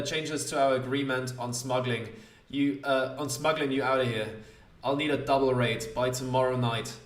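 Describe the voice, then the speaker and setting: A man plays a gruff middle-aged smuggler who bargains hard. He speaks curtly, sounding roomy and set back from the mic. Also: medium pitch, far from the mic, close to an everyday voice.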